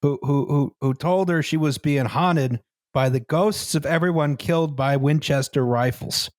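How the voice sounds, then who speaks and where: A man co-hosting a podcast, telling a history story in casual chat, often laughing and pausing on fillers. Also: a little high, no room sound, studio quality. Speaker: podcast co-host.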